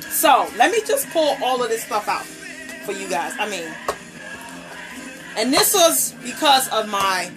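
A woman's voice: high-pitched, lively intonation, takes it slowly, music in the background, rough recording. A woman hosting a casual live unboxing stream as a nail polish brand ambassador, gushing over each item and greeting her viewers by name. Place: indoors at home, table set up. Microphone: tablet camera microphone.

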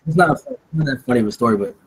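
A man's voice: mid-range voice, lively intonation, rapid-fire, husky, poor audio. A young man chatting casually in a laid-back, mumbling way that often trails off. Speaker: participant in casual recorded chat. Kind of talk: casual chat.

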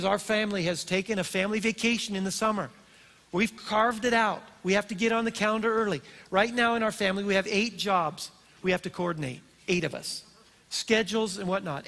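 Older man preaching in a reverberant hall. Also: high voice. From Colorado, USA. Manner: storytelling, animated and warm-hearted. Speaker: pastor. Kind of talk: sermon. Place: church auditorium.

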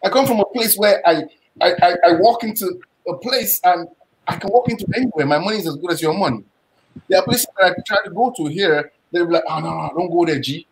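Man, Nigerian accent, slightly high voice, emphatic, proud, panel guest, acts out both sides of his stories. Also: a little fast, background noise. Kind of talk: live panel discussion.

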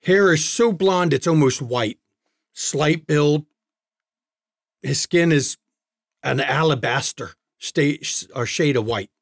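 Male game master, casual narrator, slightly high voice, dry sound. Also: slow pace, pauses often, dry recording. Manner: casual, descriptive, with restarts.

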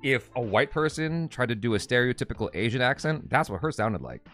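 A man co-hosting a casual movie-review live stream, talking in an animated, goofy way. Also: medium pitch, brisk, soft background music. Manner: animated and goofy, laughs often. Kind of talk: casual chat.

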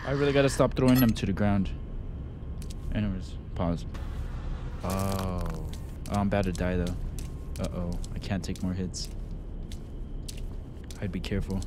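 A man commentating his own horror game playthrough, slangy and excitable, bursting into high yelps when startled. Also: moderate pace, pauses often, noisy background. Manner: slangy, says bro a lot. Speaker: gaming YouTuber. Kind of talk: let's play commentary. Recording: game music playing loud behind.

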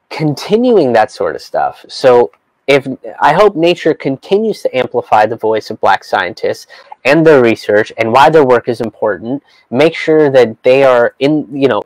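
A man's voice: on the high side, a little mellow, no room sound, low-quality recording. Guy ranting about an article he's reading, swears a lot, sounds fed up, dead dry room. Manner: exasperated, profane, incredulous. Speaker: comedian vlogger.

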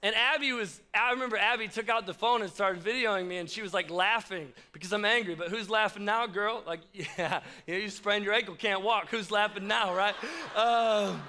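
A man's voice: high-pitched, normal speed, sharp tone, a little hiss or hum. A young man, preaching a casual, joking youth sermon and talking straight to the crowd. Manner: chatty, joking, addresses the crowd directly. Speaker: youth pastor.

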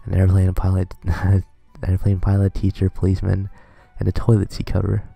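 A man reading a visual novel aloud, narrating in a dry, deadpan way. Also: sits low, normal speed, gravelly, breathy edge, soft background music.

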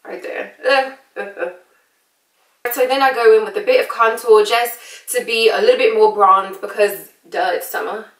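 A woman's voice: on the high side, fairly even intonation, measured pace, a bit bright. An American woman chatting playfully in a put-on British accent through a casual makeup tutorial. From United States. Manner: playful, chatty, laughs often. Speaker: beauty vlogger. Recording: echoey room, distant mic.

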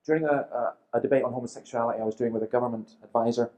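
A man in his fifties giving a seminar talk, telling lively stories with dry humour and acting out the people he quotes. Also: medium pitch, very fast, low-quality recording. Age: 50s. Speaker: seminar speaker.

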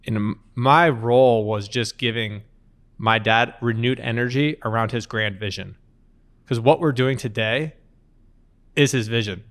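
A man in his thirties, an interview guest, telling lively anecdotes in conversation and acting out quotes along the way. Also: mid-range voice, unhurried. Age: 30s. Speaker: company co-founder, interview guest. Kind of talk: conversational storytelling.

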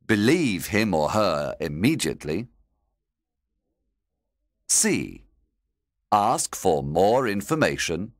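Male narrator, deep, slow, varied intonation, measured, learner audiobook. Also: no echo, clean studio sound. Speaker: narrator and quiz reader. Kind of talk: scripted narration for English learners.

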